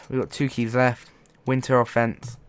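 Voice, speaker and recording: A man's voice: medium pitch, level tone, takes it slowly, slight background noise. A man commentating as a gaming YouTuber, frustrated and swearing as he pleads with the game. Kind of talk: let's play commentary.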